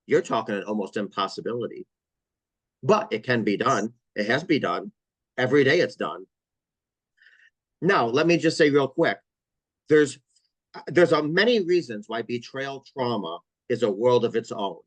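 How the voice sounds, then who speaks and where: A man's voice: mid-range voice, expressive, moderate pace, pauses often, no room sound, rough recording. A man speaking as a trauma counselor on an interview podcast, explaining earnestly with vivid stories and repeated emphasis.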